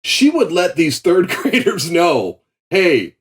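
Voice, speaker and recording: Animated, laughing male comedian. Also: sits high, takes it slowly. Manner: animated storytelling, laughs often. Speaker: podcast guest, comedian. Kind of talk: casual podcast chat.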